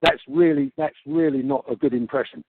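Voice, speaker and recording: A man making a heated complaint on a phone call, halting and repeating himself in exasperation. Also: mid-range voice, no echo. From Australia. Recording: tinny phone-call recording with hiss.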